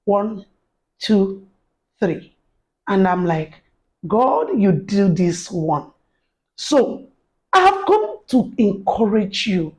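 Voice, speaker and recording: A woman's voice: mid-range voice, animated, drawn-out words, long pauses, dark tone, poor audio. A woman giving an earnest personal faith testimony to camera, acting out the voices of people she quotes. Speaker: faith encouragement speaker.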